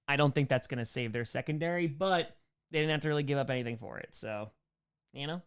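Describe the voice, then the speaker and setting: A man's voice: medium pitch, clear, resonant tone. A young man from New York hosting a casual live Q&A, reading out donors and chatting loosely and upbeat. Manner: loose and upbeat, quick thank-yous to donors. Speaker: livestream host answering superchats.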